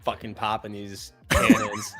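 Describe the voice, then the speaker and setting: A man in casual live-stream banter, animated and profane, laughing as he talks. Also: on the low side, a little slow, soft background music. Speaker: co-host of live trading show. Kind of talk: casual chat.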